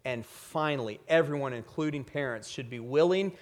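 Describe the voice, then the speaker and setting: A man preaching a sermon to parents, emphatic, leaning hard on key words and then dropping to quiet asides. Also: mid-range voice, normal speed. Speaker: pastor.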